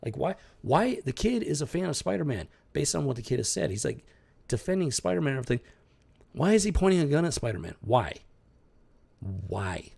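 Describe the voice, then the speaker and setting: A man's voice: mid-range voice, big pitch swings, a little fast, vocal fry, darkish tone, husky. A man hosting a comic book review show, ranting in exasperated, incredulous casual commentary. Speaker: podcast host reviewing comics.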